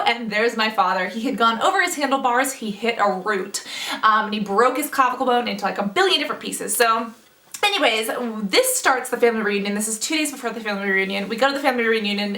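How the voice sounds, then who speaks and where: Young woman vlogging a family story, kinda high pitched, echoey room. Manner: animated, acts out family members' voices. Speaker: beauty vlogger. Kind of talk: storytime vlog. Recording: roomy echo, mic at a distance.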